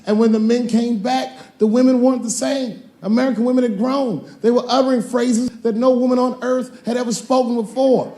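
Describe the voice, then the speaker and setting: A man doing a stand-up comedy set on a big theater stage, telling stories and breaking into sudden shouted punchlines and acted-out voices. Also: extremely high pitch, steady tone, moderate pace, hardly any pauses, faint music behind. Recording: roomy hall with long reverb.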